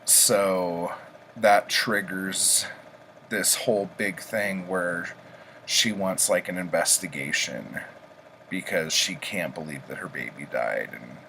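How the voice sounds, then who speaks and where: A man's voice: low voice, sharp tone, slight background noise, low-quality recording. A man casually reviewing books he read this week, rambling with many ums and likes. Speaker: book reviewer, vlog host. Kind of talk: casual book review chat.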